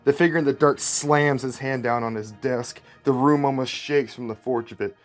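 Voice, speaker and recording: A man casually narrating his own story pitch in a relaxed, rambling way, with fillers. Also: moderate pace, hardly any pauses, soft background music. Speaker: creator telling a story pitch.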